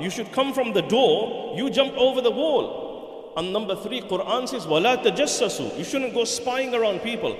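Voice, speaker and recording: A man's voice: very high voice, pitched above the performer's own voice. A man voicing an elderly man who firmly lists his accuser's wrongs point by point, in an echoey hall. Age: older. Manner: firm, counting points one by one.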